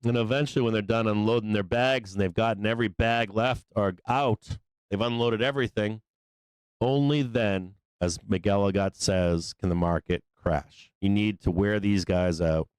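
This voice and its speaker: A man hosting a live stock market show, talking through trades in a loose, profane, excitable way. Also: fairly low pitch, moderate pace, clean tone, no echo. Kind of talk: live trading commentary.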